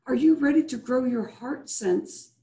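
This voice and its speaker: A woman's voice: high-pitched, expressive, unhurried, warm tone, reverberant. A woman hosting a live video-call show as a business coach, leading listeners through breathing and asking repeated rhetorical questions. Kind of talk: motivational show wrap-up with guided breathing.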